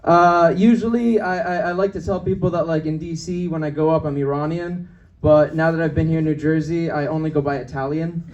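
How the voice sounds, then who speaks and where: A young man works a comedy club stage with a brash, quick-shifting delivery. His voice sits high for a man, and he switches into other voices to act out scenes. The sound comes through the club mic from some distance. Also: steady tone, darkish tone, muffled recording, slight background noise. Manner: brash, fast-shifting, acts out voices of people in his stories. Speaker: stand-up comedian. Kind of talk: stand-up comedy set. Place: comedy club with live audience.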